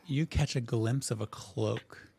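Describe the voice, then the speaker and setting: A man narrating as game master of a tabletop role-playing game, describing scenes in a relaxed way. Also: mid-range voice, slow pace, gravelly, a little hiss or hum. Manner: relaxed, descriptive, with frequent restarts.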